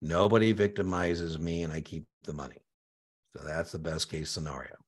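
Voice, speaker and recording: A male exam prep instructor with a very deep, low voice. He lectures live online in an energetic, conversational way and punctuates his points with emphatic "boom"s. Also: moderate pace.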